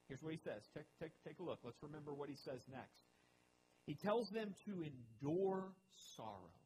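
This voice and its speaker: A man preaching a sermon as pastor, with animated emphasis that rises and drops. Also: fairly high pitch, a little hiss or hum, poor audio.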